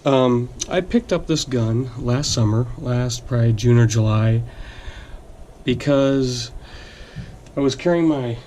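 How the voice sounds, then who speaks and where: A man hosting his own channel, slightly hoarse as he is losing his voice, talking casually about a product with plenty of fillers and restarts. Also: mid-range voice, slow pace, a little hiss or hum. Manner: relaxed, rambling with fillers and restarts. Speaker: gun channel host. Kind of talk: casual product talk to camera.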